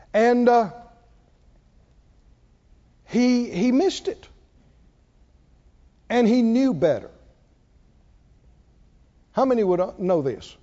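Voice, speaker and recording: A man preaching a sermon in a folksy, animated way, asking the congregation questions as he goes. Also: sits high. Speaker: pastor. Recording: dull lo-fi recording.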